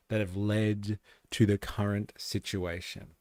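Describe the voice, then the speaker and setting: A man rants through a casual livestream, sarcastic and quick to swear. His voice sits fairly low with a gravelly edge. The sound is dry and close. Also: level tone, darkish tone, no room sound. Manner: sarcastic, profane, opinionated. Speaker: streamer and commentator.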